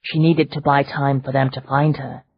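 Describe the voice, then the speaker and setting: A woman narrating an audiobook in a measured, even storytelling voice. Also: rumbling low, slightly rough, dull audio. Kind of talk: scripted narration.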